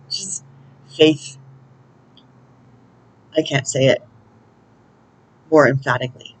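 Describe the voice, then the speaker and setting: A woman's voice: extremely low pitch, lively intonation, a little slow, rough recording. Chatty woman doing an oracle reading. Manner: chatty, laughs often, talks to angels aloud. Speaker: intuitive oracle card reader. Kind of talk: casual spiritual channeling and oracle reading.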